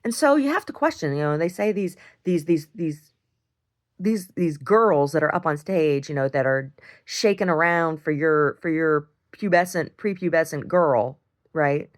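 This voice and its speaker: Frank, low-pitched woman venting. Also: moderate pace. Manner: animated, frank storytelling with lots of "like" and "right?". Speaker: video diarist. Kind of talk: casual monologue.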